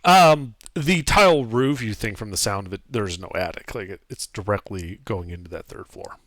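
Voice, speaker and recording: A man's voice: on the low side, moderate pace, fairly bright tone, dry recording. A man narrating as game master of a tabletop game on a live stream, explaining details patiently.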